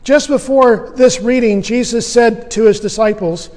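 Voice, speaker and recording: A man's voice: very high voice, a little slow, darkish tone, in a large hall. A man preaching a sermon as pastor, earnest and emphatic, asking rhetorical questions.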